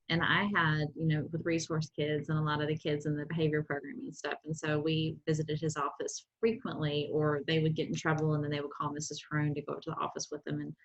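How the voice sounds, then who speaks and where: A middle-aged woman with a low, slightly rough voice co-hosts a podcast, telling rambling stories in casual, conversational chat full of asides. The recording sounds dull and a bit muffled.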